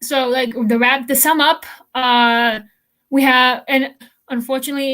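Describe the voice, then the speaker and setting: A woman's voice: on the high side, fairly even intonation, normal speed, bright, forceful tone. Chatty young woman, rambling with fillers. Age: young adult. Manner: rambling, many fillers and restarts. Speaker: podcast co-host. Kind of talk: casual chat.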